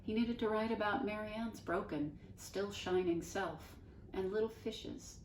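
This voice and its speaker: A woman teacher reading a children's novel aloud in an expressive storybook manner. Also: medium pitch, a little slow, slight background noise. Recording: roomy sound from a distance.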